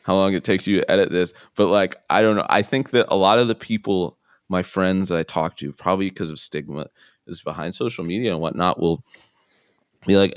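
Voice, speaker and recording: A man's voice: low voice, fairly even intonation, brisk, clear, resonant tone, no echo, studio quality. A young man in casual interview chat, rambling with lots of fillers and acting out quoted bits. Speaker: guest, guitar YouTuber.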